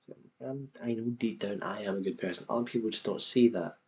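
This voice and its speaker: A man's voice: on the low side, fairly quick, husky, poor audio. A man hosting a reaction video, talking back at a clip with scornful, swearing commentary.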